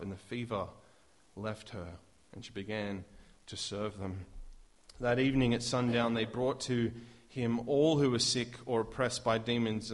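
Man preaching, emphatic, rhetorical questions, mid-pitched voice. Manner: emphatic, rising to loud declarations, with rhetorical questions. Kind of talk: sermon.

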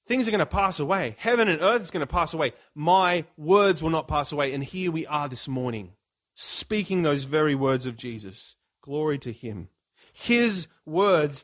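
A middle-aged pastor preaching a sermon, earnest and emphatic with dramatic pauses. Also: male voice, high voice, fairly bright tone.

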